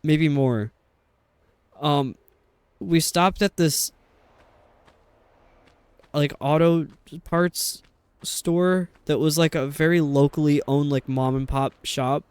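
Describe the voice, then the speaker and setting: A man's voice: on the high side, steady tone, slow pace, pauses often, darkish tone, smooth, dry recording. A young adult man streaming a game, chatting in a rambling, casual way with lots of fillers. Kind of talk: casual chat while playing a game.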